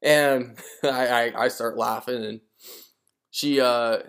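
A man's voice: medium pitch, fairly even intonation, takes it slowly, a bit bright. A man in his twenties, a podcast host, telling a casual story on his own, rambling and repeating words as he acts out friends' lines. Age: 20s.

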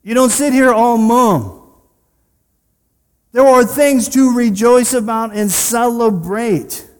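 With a very high-pitched voice, a male pastor takes his time delivering a conversational sermon, complete with personal asides and rhetorical questions. The recording has the long reverb of a large hall.

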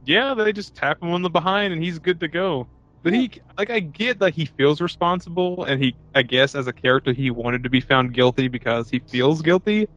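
A man's voice: a little high, lively intonation, brisk, a bit bright, highs cut off. Jokey man riffing on a movie. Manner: jokey, acts out quotes in silly voices. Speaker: podcast co-host. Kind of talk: casual comedic movie chat.

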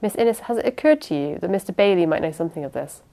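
A woman reading the part of a youngish male detective who presses his questions in a measured, insistent way. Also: on the low side, lively intonation, mellow. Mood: probing.

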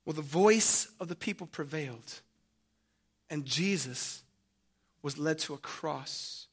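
A man preaching a sermon, dramatic, swinging from loud emphasis to hushed tones and calling his listeners family. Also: a little high, takes it slowly, slightly rough.

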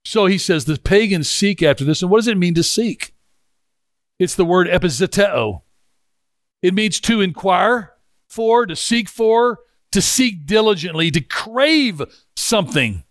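Male pastor, conversational sermon, slightly raised pitch, dry close sound. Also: lively intonation, no room sound. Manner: conversational, dropping into a lower voice for scripture; halting restarts.

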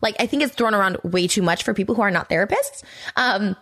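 A woman hosts her own podcast in a quick, blunt monologue full of swearing and fillers. Her voice leaps higher when she gets worked up. The recording is close and dry, with no room echo. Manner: blunt, profane, rambling with many fillers; animated, pitch jumping high when worked up. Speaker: podcast host. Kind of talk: casual commentary monologue.

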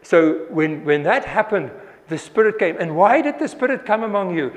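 A man's voice: a little high, lively intonation, normal speed, big-room sound. A man preaching a sermon earnestly, often restarting his words and acting out the voices he quotes.

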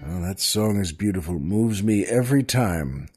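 A man's voice: sits low, lively intonation, moderate pace, a little mellow, breathy edge, soft background music. A man hosting a comedy podcast, telling jokes in a chatty monologue full of asides and chuckles. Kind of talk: casual comic monologue.

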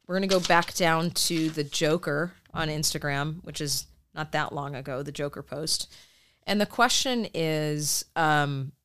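Brief: low, smooth-voiced woman, podcast co-host, chatty and rambling. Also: a bit bright. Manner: chatty, rambling with many fillers and restarts. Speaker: therapist. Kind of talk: casual chat.

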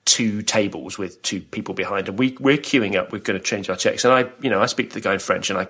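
Low-voiced chatty British man. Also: fast, a bit bright, breathy edge. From Britain. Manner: chatty storyteller, laughs often. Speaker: podcast co-host. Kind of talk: casual chat.

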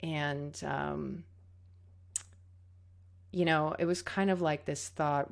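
Slow-talking woman recounting a story. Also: low voice, steady tone, creaky. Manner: reflective, candid, many fillers and restarts. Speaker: tango teacher. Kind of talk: personal storytelling monologue.

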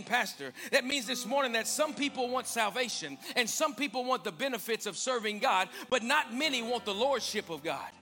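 High-pitched pastor man preaching, punchy and bright, keeps asking the church questions. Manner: preaching with rhetorical questions and emphatic repetition. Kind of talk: sermon.

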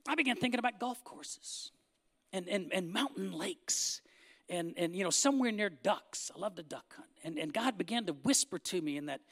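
A man's voice: high voice, lively intonation, normal speed, creaky, fairly bright tone, long reverb tail. A man, giving a folksy, joking sermon-style talk to a crowd, rising to emphatic bursts. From Arkansas. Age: 50s. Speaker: speaker addressing a church crowd. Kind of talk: humorous sermon-style speech.

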